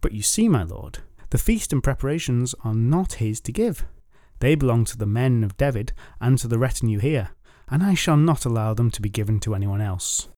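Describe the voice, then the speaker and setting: A man voicing an exasperated, scheming noblewoman, scolding and brisk as she takes charge, on a dry close mic. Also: medium pitch, animated, warm tone, dry recording, close to an everyday voice. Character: sharp-tongued exasperated noblewoman, scheming and cool.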